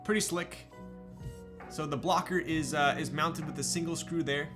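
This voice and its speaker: A man's voice: on the high side, moderate pace, over music. Joking young man streamer. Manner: joking, reads chat aloud, teasing. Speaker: keyboard-building streamer. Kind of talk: casual live-stream chat.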